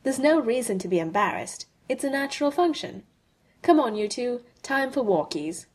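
A woman voicing a cool, unflappable woman spy in an audiobook reading, brisk and dry, with a husky tone. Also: fairly high pitch, big pitch swings, pitched above the performer's own voice. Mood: wry.

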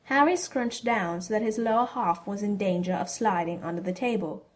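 Female narrator for a storybook reading; steady, even delivery. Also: medium pitch, moderate pace. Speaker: reader. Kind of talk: storybook fan fiction reading.

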